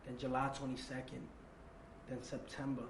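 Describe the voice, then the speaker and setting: A man telling a long personal story in an interview. He repeats phrases, acts out remembered dialogue and drops to a low, quiet voice for the tense parts. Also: completely flat delivery, normal speed, background noise. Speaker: interview guest. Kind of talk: casual storytelling. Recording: roomy echo.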